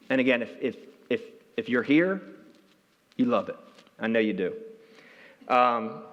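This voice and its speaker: A man giving a conference talk, telling a story with energy, and his voice jumps high when he gets excited. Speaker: keynote speaker. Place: large hall. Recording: reverberant hall.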